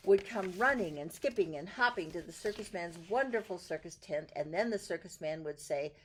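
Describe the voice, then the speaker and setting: A woman reading a picture book aloud in a gentle, soft way, drawing out some words. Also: fairly low pitch, expressive. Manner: gentle, soft, drawn-out in places. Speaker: storyteller.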